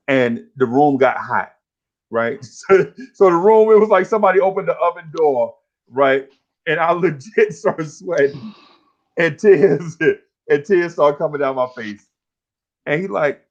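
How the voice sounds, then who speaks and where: A man in his 50s hosts a casual podcast chat, his slightly high voice moving at a normal speed through a muffled recording. He's an animated storyteller who uses slang and acts out voices.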